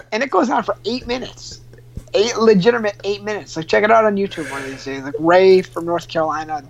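A man working as a radio show producer, telling a funny story in a loose, chatty way with lots of restarts and laughs. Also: sits high. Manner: laughs often, many restarts and fillers. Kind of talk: casual storytelling. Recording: muffled lo-fi sound.

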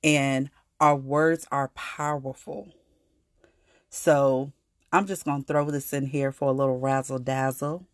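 A woman hosts her own faith-centered podcast, speaking in a low, unhurried voice. She talks earnestly and casually to her listeners, turning emphatic when she declares what she believes. The recording is dry, with no room sound. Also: no echo. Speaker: podcast host.

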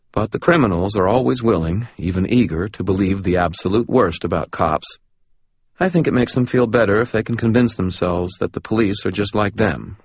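A man narrating a first-person audiobook in a low, slightly husky voice with a dry, matter-of-fact delivery. The recording is close and dry, with a dull lo-fi sound. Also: no echo.

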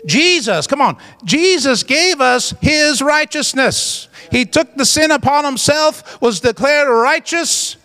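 A man's voice: very high voice, lively intonation, takes it slowly, hardly any pauses, sharp tone, in a large hall. A man preaching a sermon as pastor, emphatic and exclamatory.

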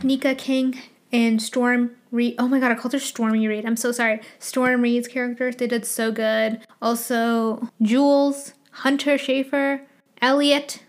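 A woman's voice: sits high, flat delivery, measured pace. A young woman hosting her own podcast, chatting casually and gushing with frequent laughs. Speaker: podcast host. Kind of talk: solo podcast chat.

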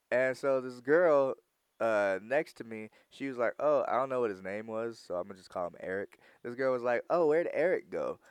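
A young man casually telling a profane, animated story in chat, often laughing. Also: mid-range voice, clean tone, no room sound.

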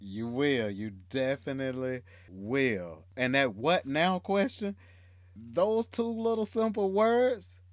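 A man's voice: medium pitch, expressive, slow pace, no room sound. Podcast host guy, hyped and supportive, dry close recording. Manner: enthusiastic, affirming, repeats guest's points. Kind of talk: casual podcast chat.

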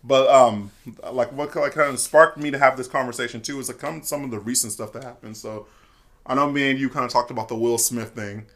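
A man's voice: mid-range voice, fairly even intonation, fairly quick, a bit bright. A young man in casual chat, telling stories loosely with lots of fillers and restarts. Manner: loose storytelling, lots of fillers and self-interruptions.

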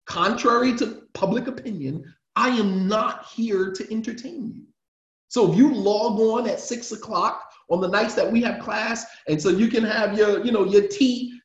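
A man, an imam, giving an emphatic, impassioned religious class lecture and driving his points home with repetition. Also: sits high. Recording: roomy, dull lo-fi sound.

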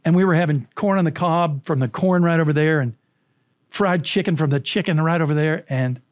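A man's voice: on the high side, fairly quick, no room sound. A man from California who works as a storytelling coach, telling a vivid anecdote as an interview guest. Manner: animated, vivid anecdotal storytelling with acted quotes.

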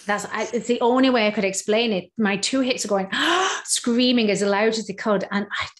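A woman guest on a podcast, candidly telling a personal story in casual chat, animated and full of restarts. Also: mid-range voice, fairly quick.

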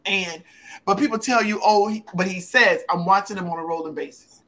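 A woman co-hosting a podcast for actors, chatting casually and telling lively, slangy stories. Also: medium pitch, brisk. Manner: lively storyteller, slangy, laughs often. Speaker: podcast co-host. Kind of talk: casual chat.

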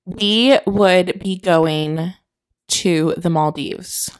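A woman's voice: on the low side, drawn-out words. A young adult woman co-hosting a podcast in casual chat, giggling and rambling with lots of likes and restarts. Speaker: podcast co-host.

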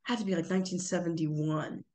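Chatting with her son as his podcast co-host, an older woman rambles through long tales full of fillers and false starts. Her fairly low voice is a little mellow, fairly quick, and fairly even in intonation, with a slight hiss or hum in the audio.

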